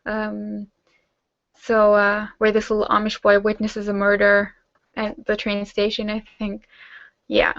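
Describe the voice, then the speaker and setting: A woman's voice: medium pitch, monotone, a little slow, vocal fry, fairly bright tone, no room sound, dull audio. A young German woman hosting a casual Q&A hangout, chatting with lots of fillers and restarts. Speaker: host; teacher-training student.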